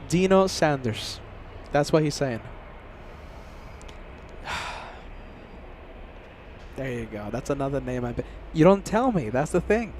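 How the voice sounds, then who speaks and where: A man's voice: on the high side, slight background noise. A man hosting a casual live stream outdoors, chatting and reading out viewer names and messages. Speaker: livestream host. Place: outdoors near an airport.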